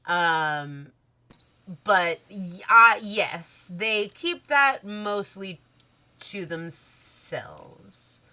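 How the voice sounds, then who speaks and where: A woman narrating as game master of a tabletop game, unhurried, with many fillers. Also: medium pitch, lively intonation, sharp tone.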